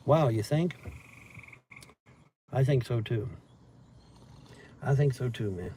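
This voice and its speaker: A man's voice: medium pitch, a little slow, long pauses, mellow, slight background noise. A man hosting a livestream, rambling casually and profanely as he reads and answers chat comments. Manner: profane, meandering storytelling with laughs. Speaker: livestream host reading chat.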